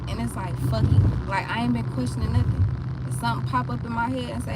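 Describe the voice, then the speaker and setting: A young adult woman recording artist in a casual, blunt and profane monologue, rambling with many fillers, over loud vehicle noise. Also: a little high, normal speed.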